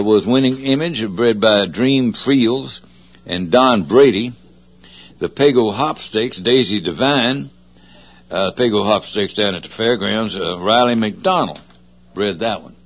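A man with a Southern US accent hosting a radio show, talking in a casual, rambling way with many fillers and self-corrections. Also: fairly low pitch. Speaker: radio host. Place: radio studio.

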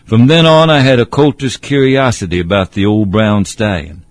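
Low-voiced man reading a storybook. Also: fairly even intonation, no room sound. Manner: measured, old-fashioned, addressing a listener. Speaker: narrator. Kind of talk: storybook narration.

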